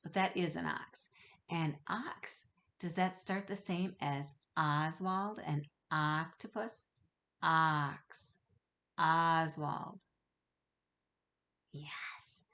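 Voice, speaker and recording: A middle-aged woman teacher giving a gentle, slow, encouraging video lesson to young children, asking them questions as she goes. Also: deep voice.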